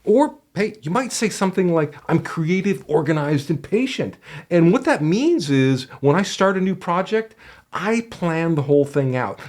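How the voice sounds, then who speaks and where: A man acting as a career coach gives job interview advice directly to the camera, conversational and emphatic with frequent fillers. His voice is fairly high and a little mellow.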